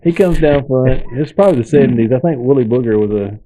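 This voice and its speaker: A man with a mellow, dark-toned voice tells a church story in easy conversation. He leans into the quoted lines and plays out each character as he goes. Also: medium pitch, fast, low-quality recording. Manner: animated storyteller, acts out quoted people. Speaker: podcast host. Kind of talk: casual storytelling.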